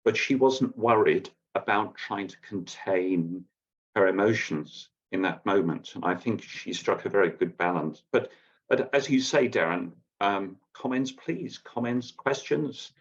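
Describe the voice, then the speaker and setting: A man, a former news anchor, giving measured, precise presenting advice in a live online session. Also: lowish voice. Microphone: video call. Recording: dull lo-fi call audio.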